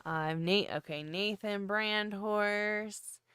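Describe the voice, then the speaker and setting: A woman co-hosting a lifting show, reading viewer comments aloud in a slow, halting way with many ums, and suffering from hiccups. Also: medium pitch, fairly bright tone, clear, resonant tone, no room sound. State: has hiccups. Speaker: co-host reading viewer chat. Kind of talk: casual chat, reading comments.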